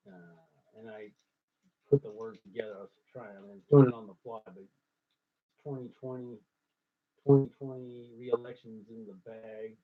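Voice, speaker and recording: Husky-voiced man musing on a tinny line. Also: mid-range voice, steady tone, normal speed, long pauses. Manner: tries lines aloud, thinks out loud, swings between loud and hushed. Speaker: host working out rhymes. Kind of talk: ad-libbed musing monologue. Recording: tinny phone-like sound.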